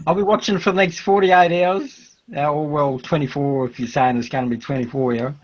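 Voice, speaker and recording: A man with an Australian accent and a slightly high, steady voice gives brisk, rambling commentary on a live stream. He laughs often and restarts his sentences, and the audio is dull.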